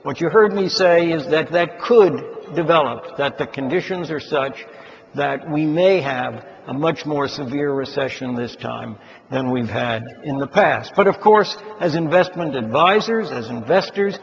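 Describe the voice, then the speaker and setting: Male keynote speaker, deliberate and emphatic, slightly high voice, dull recording. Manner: measured and deliberate, stressing key words. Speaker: keynote speaker addressing investment advisors. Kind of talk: formal economics talk. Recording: dull lo-fi sound with long hall reverb.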